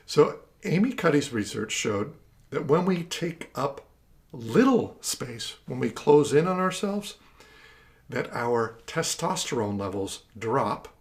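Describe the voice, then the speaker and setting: A man leading listeners through a guided exercise. He counts along in rhythm with lively energy and keeps his pitch in a middle range. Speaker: instructor.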